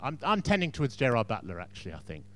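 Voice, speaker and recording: A man's voice: mid-range voice, wildly swooping pitch, fast, fairly bright tone, a little hiss or hum. A man preaching a sermon in a chatty storytelling way, with frequent asides to the congregation.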